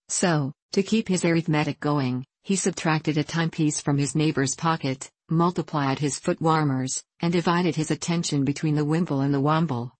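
A woman narrating a children's story for an audiobook, in a measured storytelling manner. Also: sits low, darkish tone, no room sound.

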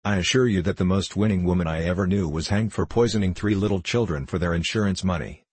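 A man's voice: sits low, darkish tone, husky, no room sound. A man reading as a cool, detached detective. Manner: precise, measured, detached. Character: cool, reasoning male detective, middle-aged.

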